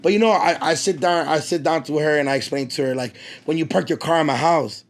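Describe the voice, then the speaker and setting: A young man runs his podcast in a quick, lively way. He tells stories at pace and acts out the lines he quotes. His voice sits a touch on the high side. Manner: animated storytelling, acts out quotes. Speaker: podcast host. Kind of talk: casual chat.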